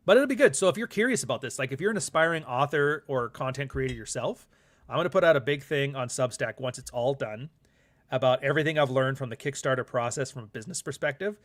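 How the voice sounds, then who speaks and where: A man in a casual vlog monologue, speaking at a mid-range pitch. He rambles candidly and swears freely as he talks. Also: lively intonation, fast. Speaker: podcast host and author.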